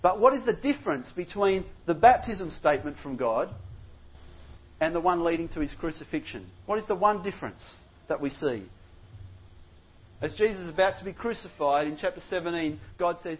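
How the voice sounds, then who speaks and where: A middle-aged pastor delivers a sermon in a fairly high, husky voice, chatty and full of little restarts before he builds into emphatic repetition. The recording is dull and lo-fi. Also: animated, normal speed.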